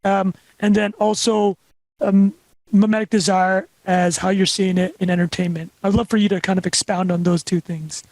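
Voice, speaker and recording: High-voiced male host, dry close sound. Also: level tone, vocal fry, darkish tone, dry recording, poor audio. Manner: halting, many fillers when asking questions. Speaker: podcast host. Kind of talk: interview questions.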